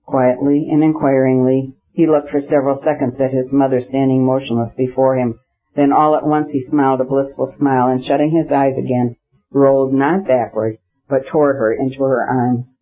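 Narrating a classic work of fiction, a man keeps a measured, level reading voice of medium pitch. The audiobook recording comes across as slightly muffled.

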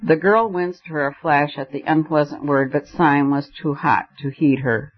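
A man reading a novel aloud in measured, storytelling narration. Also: on the high side, fairly even intonation, breathy edge. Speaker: audiobook narrator. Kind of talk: scripted narration. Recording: dull lo-fi recording.

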